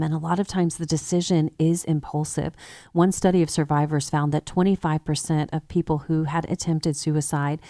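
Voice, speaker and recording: A woman hosts a health radio show. She explains things in a measured, informative way. Her voice is very low and mellow, recorded dry on a close microphone. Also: no echo. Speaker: nurse practitioner radio host.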